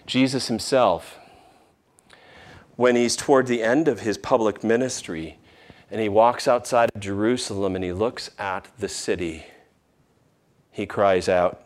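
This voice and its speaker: A man pastor preaching a sermon, shifting between raised emphasis and tender, hushed near-whispers in a church. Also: lowish voice, moderate pace.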